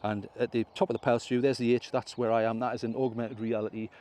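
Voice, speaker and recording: Guy on a hill, mellow voice, rambling through drone settings, bit of a cough. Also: medium pitch, little pitch movement, fast, a little hiss or hum. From England. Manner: chatty step-by-step explaining, self-correcting. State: clearing his throat, slight cough. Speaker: drone vlogger. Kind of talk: casual tutorial commentary. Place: outdoors on a hill.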